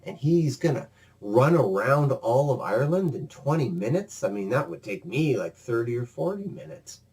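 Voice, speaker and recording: A man voicing a grumpy, curious male giant in a storytelling sermon, with a gruff, puzzled mutter. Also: medium pitch, big pitch swings, moderate pace.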